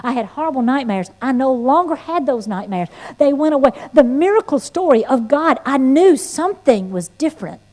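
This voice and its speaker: A woman teaching an evangelism class, mixing sermon-style instruction with her own life story in a folksy, animated way. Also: high-pitched, normal speed, few pauses. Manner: folksy and animated, with playful asides and shifts of tone. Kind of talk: sermon-like teaching with personal testimony.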